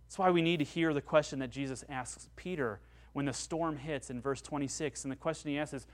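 A male pastor delivering a sermon in an earnest, emphatic way. His voice sits a little higher than most men's, and he climbs higher still when he drives home a point. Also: moderate pace. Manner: earnest, emphatic, with rising peaks on key points.

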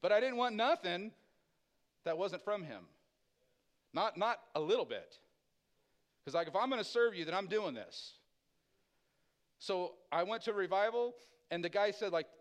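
Casual storytelling pastor, man, higher voice. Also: brisk. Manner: casual, animated storyteller acting out quoted voices. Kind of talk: sermon testimony storytelling.

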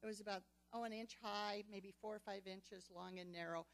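A woman's voice: medium pitch, steady tone, moderate pace. An older woman teaching a Bible study, earnest and telling stories with quoted dialogue.

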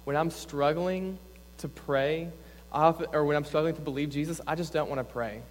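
A man's voice: on the high side, steady tone, moderate pace. A young adult man, a campus pastor, preaching a sermon in an earnest, conversational way, often saying "like". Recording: long reverb in a church hall.

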